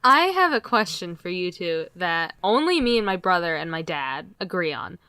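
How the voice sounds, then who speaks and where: A woman's voice: fairly low pitch, sing-song, normal speed, sharp tone, smooth, no echo. Giggly teenage girl, dry close mic. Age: teens. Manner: giggly, rambling storyteller with lots of fillers. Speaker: podcast co-host. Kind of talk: casual chat.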